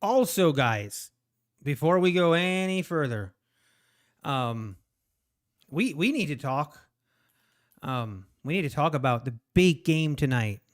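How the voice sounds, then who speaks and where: Male streamer host, slow unhurried delivery, smooth clear voice, breathless, teasing chat banter. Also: fairly high pitch, animated. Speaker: trading livestream host. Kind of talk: casual live-stream commentary. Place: home.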